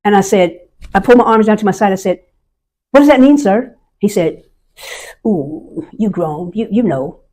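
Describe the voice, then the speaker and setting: An older woman from the United States, an Army veteran, telling a personal story in an earnest, halting way and acting out the voices she quotes. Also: medium pitch, mellow.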